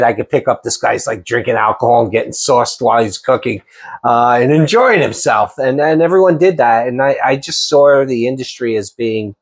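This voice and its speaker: With a husky, mid-range voice, a man who hosts a podcast and works as a chef leads a casual interview. He rambles through long, animated stories, frequently starting over.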